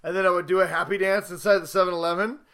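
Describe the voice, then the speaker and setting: A playful man in his thirties co-hosting a podcast, his voice pitched high and sitting bright and forward. He chats loosely, acting out little scenes and quoted lines in silly voices. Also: steady tone, very fast. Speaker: podcast co-host. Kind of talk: casual chat.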